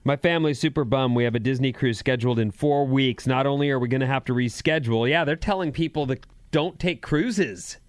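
A man's voice: mid-range voice, brisk, no room sound. A middle-aged man hosting a radio show, bantering casually and teasing his co-host in a dry way.

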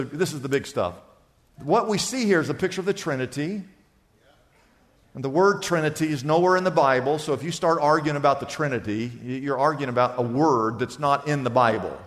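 A man preaching a sermon as pastor, excitable, asking the congregation questions and repeating his key phrases. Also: on the high side, long reverb tail.

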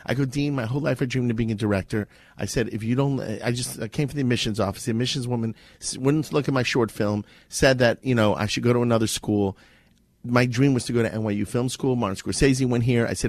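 A man telling a lively personal story as a radio show guest, acting out the people he quotes. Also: mid-range voice, vocal fry, dry recording. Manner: fast animated anecdote, acts out quoted voices. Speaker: guest filmmaker.

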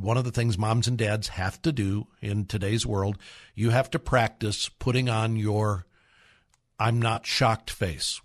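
A middle-aged man hosting a radio talk, earnestly urging parents, repeating himself and breaking into acted quotes. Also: medium pitch. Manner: earnest, exhorting, acts out quoted voices. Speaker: radio host.

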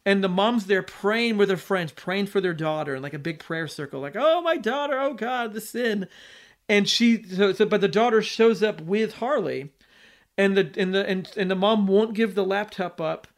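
High-voiced man recapping a film casually. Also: normal speed, creaky. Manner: rambling, with many fillers and restarts. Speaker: podcast host.

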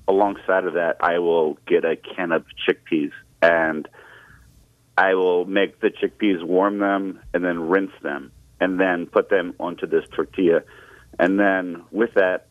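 A man with a very deep voice phones in to a radio show, working through what he says haltingly with many pauses. The audio is a thin, tinny phone line that sounds dry and close. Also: dry recording. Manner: halting, lots of fillers. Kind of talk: casual phone chat.

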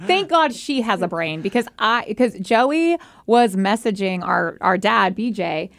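Young female co-host, high gravelly voice, very lively swings, dry close sound. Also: measured pace, no echo. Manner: expressive, dramatic retelling with big pitch swings. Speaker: podcast co-host. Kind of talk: casual chat.

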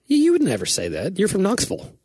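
A man's voice: sits high, wildly swooping pitch, fast, warm tone, slightly rough, no echo, studio quality. A man co-hosting a podcast in casual banter, telling stories in an easygoing, teasing way. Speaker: podcast co-host.

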